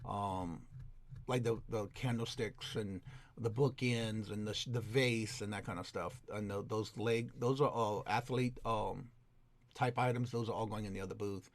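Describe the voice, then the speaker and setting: A man's voice: fairly low pitch, steady tone, moderate pace, no room sound. A man giving a rambling, casual voice-over about his antique booth, full of fillers and restarts. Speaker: antique reseller and vlogger.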